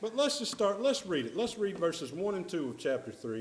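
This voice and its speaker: A man's voice: high voice, big pitch swings, moderate pace, few pauses. A man with a Southern US accent preaching a sermon in a church, earnest and repeating key phrases for emphasis. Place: church sanctuary. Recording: echoey church room.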